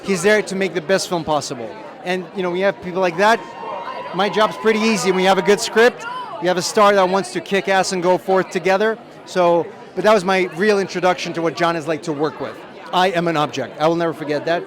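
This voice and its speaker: A film director chatting in a press interview outdoors at a premiere, telling self-deprecating stories from the set. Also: male voice, sits high, fast. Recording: crowd noise behind. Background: crowd chatter.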